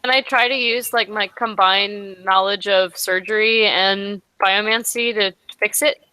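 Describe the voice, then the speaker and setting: A woman's voice: medium pitch, fairly even intonation, a little slow, pushed and bright, clean tone, no echo, low-quality recording. A woman playing a tabletop game, speaking tentatively with many "like"s and "um"s. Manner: tentative, lots of "like" and "um". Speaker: player. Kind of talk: casual tabletop play.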